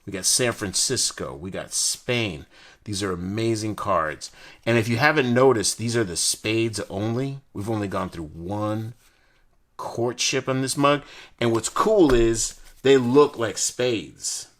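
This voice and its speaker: A young man from the United States chatting casually and excitedly while opening and reviewing card decks, full of slang and jokes. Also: fairly low pitch, unhurried. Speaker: card collector host. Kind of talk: casual unboxing chat.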